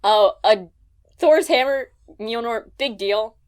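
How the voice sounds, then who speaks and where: A woman's voice: fairly high pitch, slow, a little mellow. A woman co-hosting a casual podcast chat, rambling and laughing often. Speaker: podcast co-host.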